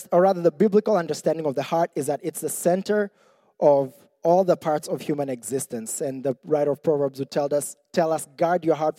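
A man's voice: fairly high pitch, dark tone, dry recording, studio quality, in a large hall. A young man preaching a sermon in a conversational, self-deprecating way, often restarting his sentences.

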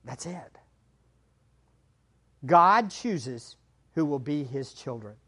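Slow, high-voiced man preaching. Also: lively intonation, husky. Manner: preaching with sweeping swings between quiet and loud. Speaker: pastor. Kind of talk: sermon.

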